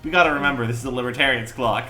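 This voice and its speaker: A man's voice: mid-range voice, very fast, sharp tone, echoey room, faint music behind. A man co-hosting a let's play, making joking asides about the game. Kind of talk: casual game commentary.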